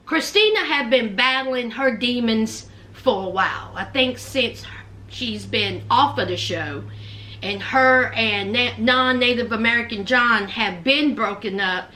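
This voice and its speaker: A woman vlogger giving loud, animated gossip commentary and calling viewers child and honey. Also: on the high side, a little hiss or hum.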